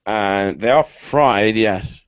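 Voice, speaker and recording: A man's voice: lowish voice, takes it slowly, smooth, no room sound. A British man hosting a casual online hangout chat, talking in a stop-start, rambling way with many restarts. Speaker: host. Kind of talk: casual video-call chat. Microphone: computer mic on a video call. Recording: muffled lo-fi call audio.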